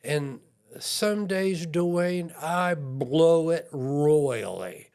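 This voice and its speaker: A man's voice: on the high side, expressive, very slow, a little mellow, smooth. A man speaking as an interview guest, an IT consultant talking in an earnest, self-deprecating way. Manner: earnest and self-deprecating, acts out quoted voices. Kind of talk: conversational podcast interview.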